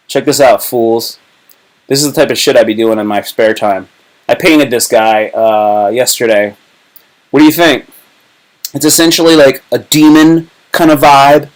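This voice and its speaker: A man's voice: medium pitch, rough recording. A man hosting a casual livestream, rambling and joking in heavy slang. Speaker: livestream host.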